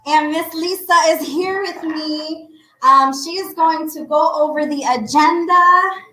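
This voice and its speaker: Excited woman host, kinda out of breath, bright high voice. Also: a little slow. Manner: excited, effusive. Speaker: event host and author. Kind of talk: live-streamed event hosting. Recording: echoey room with faint music.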